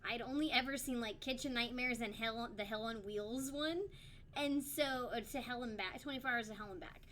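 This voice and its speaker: A woman's voice: a little high, fairly quick, fairly bright tone, slight background noise. A young woman co-hosting a livestreamed talk show, telling stories in a loose, rambling way. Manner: rambling storyteller with many fillers and restarts. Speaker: podcast co-host. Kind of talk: casual chat on a livestream.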